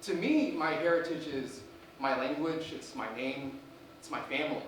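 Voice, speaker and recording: Man, solo stage comic, dry and wry, bright high voice, far off in a roomy hall. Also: normal speed, slight background noise. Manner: wry and dry, turning reflective. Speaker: solo comedian playing himself as a student. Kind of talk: solo stage comedy monologue. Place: live theater stage. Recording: echoey stage from a distance.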